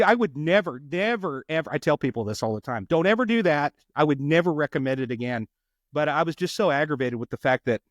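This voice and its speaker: Animated middle-aged man telling a story. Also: mid-range voice, no echo, clean studio sound. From Los Angeles. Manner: animated storyteller who acts out quotes. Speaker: homicide detective guest. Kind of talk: storytelling in a podcast interview.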